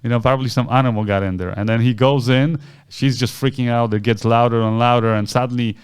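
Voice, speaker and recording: A man co-hosting a podcast, casually retelling a story and acting out the voices of the people in it with big jumps in pitch. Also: fairly even intonation, quick pace, clean tone. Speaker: podcast co-host.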